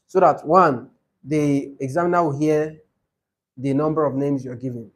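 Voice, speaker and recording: Guy teaching test prep, bit high voice, slow and patient, says things twice. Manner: explains patiently, repeats examples, laughs easily. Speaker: IELTS speaking tutor. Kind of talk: classroom coaching.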